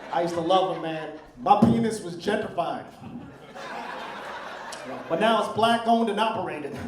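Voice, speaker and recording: A brash, high-voiced man delivers a crude stand-up set, chatting with the crowd between jokes. He sounds a little far from the mic in a roomy comedy club, and the audience noise is heard clearly in the room. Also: unhurried. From Philippines heritage. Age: middle-aged.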